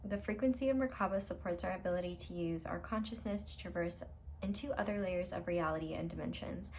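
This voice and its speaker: A woman's voice: fairly low pitch, brisk, darkish tone, a little hiss or hum. A woman tarot reader speaking straight to her viewers in a pick-a-card reading, reassuring and affirming.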